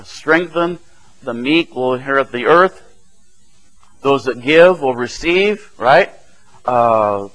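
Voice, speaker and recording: Male preacher, fairly high voice, casual sermon, keeps asking "right?". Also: a bit bright, poor audio. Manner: conversational, chuckling, asks "right?" often.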